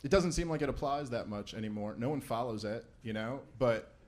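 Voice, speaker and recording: A man doing a live stand-up warm-up on a stage mic, loose and conversational with quick wisecracking asides. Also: medium pitch. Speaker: stand-up comedian warming up a debate crowd. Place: event stage before a live audience.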